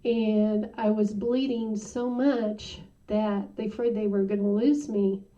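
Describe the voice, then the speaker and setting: A woman giving a personal testimony in an interview, halting and full of "you know" fillers. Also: mid-range voice, level tone, warm tone. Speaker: interview guest. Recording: muffled sound from a distant mic.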